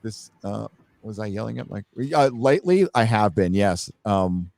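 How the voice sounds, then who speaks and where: A man's voice: fairly low pitch, expressive, normal speed, vocal fry, a little mellow, no room sound. A man hosting a casual podcast chat, rambling with blunt opinions and stammered restarts.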